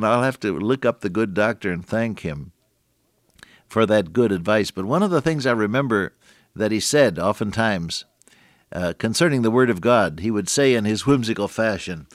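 Older man, radio preacher, fairly low voice, dry studio sound, folksy, solemn scripture reading. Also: lively intonation, no echo. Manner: folksy, earnest, reads scripture slowly and solemnly. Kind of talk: radio sermon.

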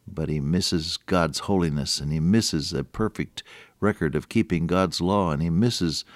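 A man's voice: low voice, darkish tone, no echo, clean studio sound. A man delivering a radio sermon, telling stories in a conversational way that builds to earnest, emphatic points. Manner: earnest, rises to emphatic peaks; conversational, with chuckles and restarts. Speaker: radio preacher.

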